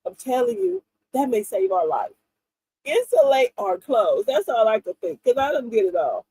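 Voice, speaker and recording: A woman in her fifties hosting a livestream, telling funny stories in an animated, laughing way to her viewers. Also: fairly high pitch, moderate pace, slightly rough, poor audio. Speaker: livestream host. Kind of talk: casual chat to viewers.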